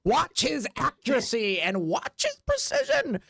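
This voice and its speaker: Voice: high voice, wildly swooping pitch, measured pace, gravelly, fairly bright tone, breathy edge, no echo, voice pushed up, heavily acted. Circus ringleader for a tabletop game, stretched announcer lines, dry close sound, done by the game master. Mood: grandiose.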